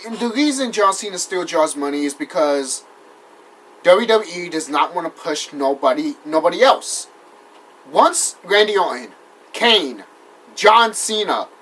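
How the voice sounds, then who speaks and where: A wrestling vlogger delivers a casual, heated rant, cursing and rambling with restarts, then apologizing after his outbursts. His voice is medium-pitched, a bit bright, and slightly rough.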